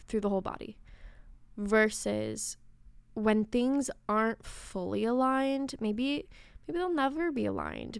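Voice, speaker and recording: Chatty woman podcaster, smooth voice. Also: mid-range voice, dry recording. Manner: chatty, swearing, with whispered asides. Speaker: podcast host. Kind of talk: casual spiritual podcast monologue.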